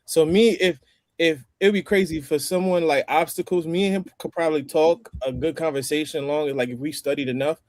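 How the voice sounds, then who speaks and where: Male host, higher-pitched, chatty explainer, dry close sound. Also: steady tone, fairly quick, no echo. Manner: chatty, explains phrases step by step. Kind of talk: casual roundtable chat.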